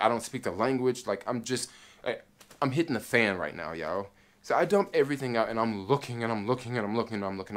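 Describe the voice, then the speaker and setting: A man tells a story to camera in a loose, chatty way, packed with "like" and restarts. He acts out what other people said as he goes. His voice sits at an ordinary middle pitch. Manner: animated, many fillers, acts out soldiers' lines. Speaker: vlogger. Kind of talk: casual storytelling.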